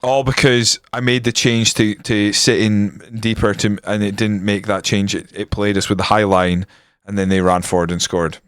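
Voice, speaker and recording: A man's voice: on the low side, moderate pace, clear, resonant tone, dry recording, studio quality. Sweary man ranting on stream. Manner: sweary, ranting, swings to excited commentary. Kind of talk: casual game commentary on stream.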